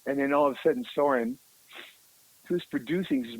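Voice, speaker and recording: A rock musician telling a story in a casual interview, animated and emotional, often calling the listener "man". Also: medium pitch, brisk, no echo, low-quality recording.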